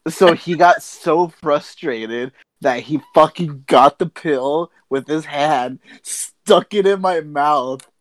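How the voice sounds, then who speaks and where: A young man co-hosting a podcast in casual chat, animated and swearing as he tells stories. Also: fairly high pitch, slow, hardly any pauses, no room sound. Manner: animated storyteller, swears a lot, laughs through stories. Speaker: podcast co-host.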